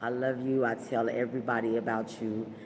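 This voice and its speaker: A woman's voice: a bass voice, little pitch movement, brisk, in a large hall, background noise. A woman hosting a podcast, chatting casually and heartfelt with viewers, full of fillers and talk of faith. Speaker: podcast host. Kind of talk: casual livestream chat with viewers. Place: at her workplace.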